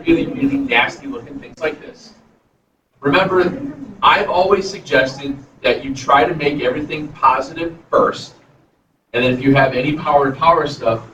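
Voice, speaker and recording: A man's voice: medium pitch, a bit bright, slight background noise. A man teaching math in an echoey classroom. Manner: casual, asks the class questions and answers them himself. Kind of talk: classroom math review lecture. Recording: distant, echoey, dull classroom recording.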